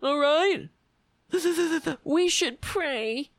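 A woman's voice: sits high, animated, extremely slow, dry recording, pitched above the performer's own voice, exaggerated voice. A woman voicing a blubbering, beer-loving middle-aged male judge who whines and blusters between sobs. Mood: blustering. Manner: whiny, sobbing, blustering.

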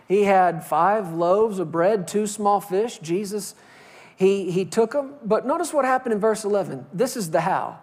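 A man preaching a sermon as pastor, swinging from loud, pleading outbursts to hushed, quiet lines. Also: high voice.

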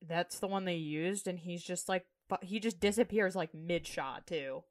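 A woman's voice: fairly low pitch, normal speed. A woman co-hosting a podcast, chatting casually and reacting with jokes and laughter. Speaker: podcast co-host. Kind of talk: casual chat.

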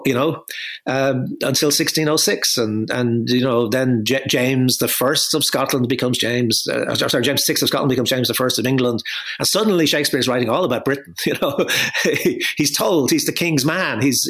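A man's voice: mid-range voice, a bit bright. A middle-aged man talks as an interview guest, building a long analytical argument. He restarts phrases often and leans on conversational asides. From Ireland. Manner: discursive, frequent restarts and "you know", wry laughs.

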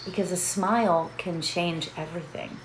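Speaking at a moderate pace in a lowish, steady voice, a middle-aged meditation host keeps things chatty, laughing a lot and checking in with her listeners with frequent "right?"s. Faint background noise and a roomy echo fill the recording.

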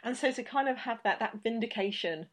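A woman's voice: on the high side, fairly quick. A woman hosting an interview, telling stories in a chatty, rambling way with lots of restarts. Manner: chatty, rambling, animated storyteller with many restarts. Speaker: podcast host. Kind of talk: casual interview chat.

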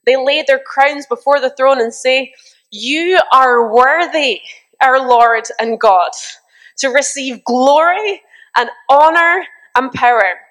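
A young woman with a high voice preaches a lively sermon at a slow pace, reading scripture and telling animated stories filled with mimicked exclamations.

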